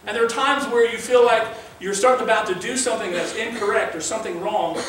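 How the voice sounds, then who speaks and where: A man's voice: high voice, fast talker, few pauses, a bit bright, a little hiss or hum. A male pastor preaching a sermon in an earnest, conversational way, weaving in scripture readings. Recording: very echoey room, mic far off.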